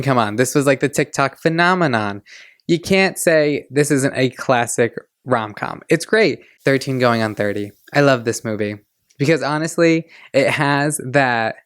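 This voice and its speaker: A man in his twenties hosts a casual podcast in an excitable, gushing manner. His voice is smooth and clear at a middle pitch. The sound is dry and close. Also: dry recording. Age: 20s. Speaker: podcast host. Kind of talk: casual chat.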